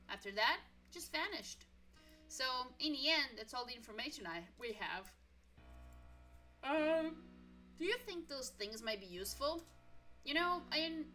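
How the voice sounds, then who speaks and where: A woman voicing a friendly young woman in her twenties, a worried best friend who talks warmly and apologizes often. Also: on the high side. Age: 20s. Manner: warm, chatty, apologetic.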